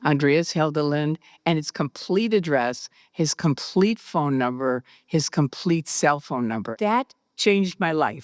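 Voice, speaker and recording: A woman recounting her personal experiences, animated and acting out the dialogue she quotes. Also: low voice, measured pace, few pauses, no room sound, clean studio sound. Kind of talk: personal storytelling.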